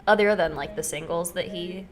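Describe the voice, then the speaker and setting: A young woman co-hosting a music podcast, running through facts in relaxed casual chat with fillers, on a desk mic in a small studio. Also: lowish voice, moderate pace. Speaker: podcast co-host. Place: small studio in a dorm basement. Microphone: desk microphone.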